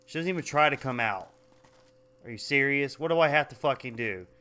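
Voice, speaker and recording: A man hosting a gaming channel, giving let's play commentary full of frustrated swearing and yelling at the game. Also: medium pitch, lively intonation, a little fast, smooth.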